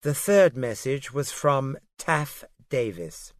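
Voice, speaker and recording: Man doing a posh english secretary, prim and aloof, clipped and quiet, dry close sound. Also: mid-range voice, big pitch swings, takes it slowly, no echo, voice pushed up.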